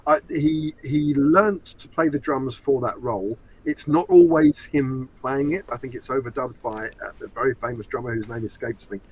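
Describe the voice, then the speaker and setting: A man's voice: mid-range voice, sing-song, moderate pace, creaky, hardly any pauses, darkish tone, slightly rough, low-quality recording. A man from England co-hosting a casual podcast chat, teasing and explaining at length. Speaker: co-host and show expert.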